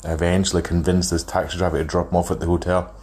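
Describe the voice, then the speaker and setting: Speaking fast in a low, slightly mellow voice with a flat delivery, a caller in his thirties rambles through a lengthy story in a voice note. He chuckles as he goes, keeping it casual.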